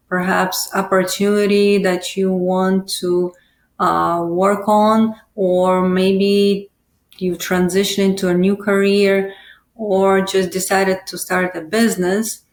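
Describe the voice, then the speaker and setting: A woman hosting a podcast, speaking in a hesitant way with many "uh" and "um" fillers. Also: mid-range voice. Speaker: podcast host. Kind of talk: casual podcast interview. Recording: echoey room.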